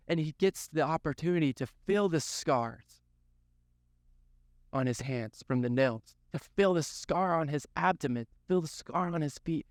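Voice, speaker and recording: Youth pastor guy preaching, earnest storyteller, kinda high voice, dry close sound. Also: a little mellow, no echo. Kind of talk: sermon.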